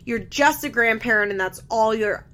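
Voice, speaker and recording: A woman mimicking a furious young mother who snaps at her own mother, with a raised, hostile voice. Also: normal speed. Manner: hostile, shouting, lifted pitch.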